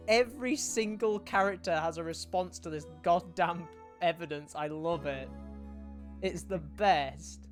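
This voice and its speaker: A woman's voice: lowish voice, a little slow, faint music behind. Woman gushing in live-stream asides.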